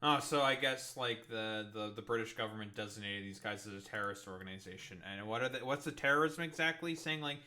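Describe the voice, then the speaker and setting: A man's voice: fairly low pitch, brisk, hardly any pauses, bright, forceful tone. A young man giving rambling, profane, sarcastic reaction commentary as a streamer.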